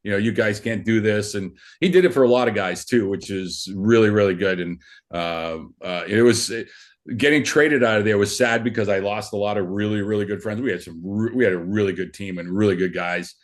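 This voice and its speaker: A man's voice: on the low side, a little fast. A middle-aged man telling stories as a podcast guest, rambling casually with lots of restarts and fillers. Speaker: podcast guest, former hockey player. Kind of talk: casual storytelling.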